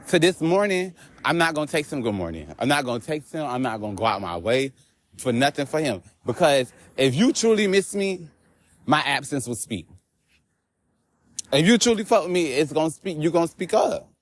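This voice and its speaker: A man vlogging outdoors on a walk, telling a story in an animated, profane rant. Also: on the high side, moderate pace. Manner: animated, profane, laughing asides.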